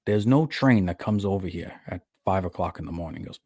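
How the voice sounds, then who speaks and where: A man with a lowish voice co-hosts a casual movie podcast, retelling film scenes with lively, amused energy. The sound is dry and close, with no room around him. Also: fast, hardly any pauses, husky, no echo. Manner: animated storyteller, laughs at his own retellings. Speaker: podcast co-host. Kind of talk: casual film review chat.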